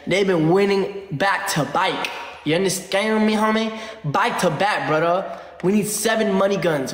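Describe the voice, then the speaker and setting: A man livestreaming a gift battle, chanting goals and shouting thanks to viewers. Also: high-pitched. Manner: repetitive hype chanting, shouting names. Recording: echoey room with long reverb.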